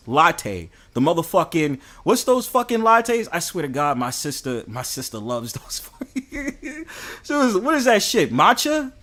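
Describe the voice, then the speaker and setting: A young man with a New York accent, ranting in a casual, profane and animated way to his live chat. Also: sits high. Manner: profane, animated, heated and joking. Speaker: host.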